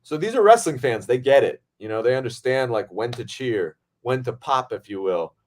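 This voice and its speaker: A man hosting a podcast, telling a set story in a casual, excitable way and swearing freely. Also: mid-range voice, normal speed. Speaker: podcast host and film director.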